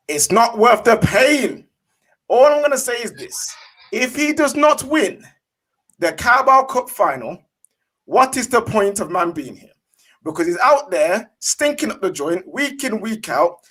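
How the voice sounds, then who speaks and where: A man's voice: sits high, a bit bright. A man giving an emphatic, slang-heavy fan rant as a panelist.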